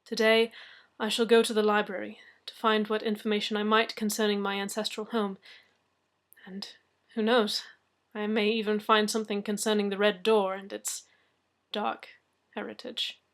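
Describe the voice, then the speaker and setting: A woman reading a story aloud in a measured, soft-spoken narration. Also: medium pitch, little pitch movement. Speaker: story reader. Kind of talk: audiobook-style story narration.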